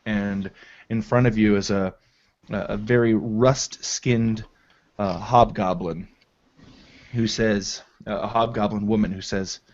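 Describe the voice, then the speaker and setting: A man narrating as game master of a tabletop game, in a halting style full of fillers, on a dull lo-fi recording. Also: lowish voice, fairly even intonation, a little mellow. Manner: slow, halting descriptive narration with many fillers.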